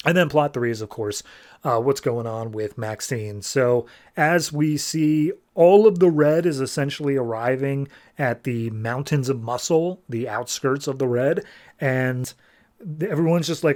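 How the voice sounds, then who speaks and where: A man hosts a comics podcast in an easygoing, conversational way. He retells the plot and slips into quick voices for the characters, at a pitch that is about average for a man. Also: a little mellow. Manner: retells scenes, briefly voicing characters in quotes. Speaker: podcast host. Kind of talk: casual comic recap.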